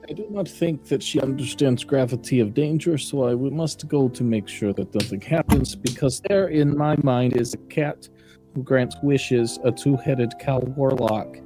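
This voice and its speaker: Guy playing a stiff solemn adventurer, mellow low voice, bit of music behind. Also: moderate pace, lightly acted. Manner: stiff broken phrasing, solemn.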